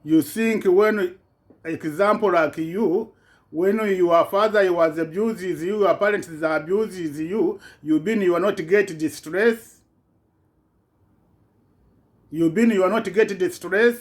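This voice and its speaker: A man's voice: sits high, a little slow. A man giving an impassioned political rant in broken, non-native English, repeating himself with indignation. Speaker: vlogger.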